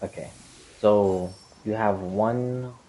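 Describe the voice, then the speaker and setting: In a lowish, mellow voice and at a slow pace, this man gives a casual explanatory monologue on gaming lore. He works through a theory hesitantly, rambling with many fillers and restarts, and the recording quality is low.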